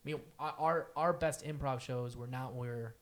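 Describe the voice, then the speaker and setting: A man hosting a casual podcast, talking in a loose, profane, animated way. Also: medium pitch, moderate pace. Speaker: podcast host.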